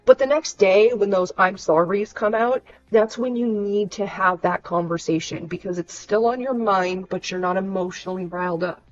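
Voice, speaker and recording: A woman's voice: medium pitch, moderate pace, few pauses, lo-fi sound. A young woman, venting frankly and swearing freely on a casual livestream. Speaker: streamer.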